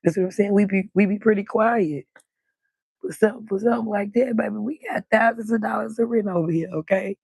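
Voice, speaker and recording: Gravelly, husky woman chatting late at night. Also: medium pitch, a little fast, no echo. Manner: loud, animated, cusses freely. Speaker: livestream host. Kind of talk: late-night livestream chat. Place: balcony outdoors at night.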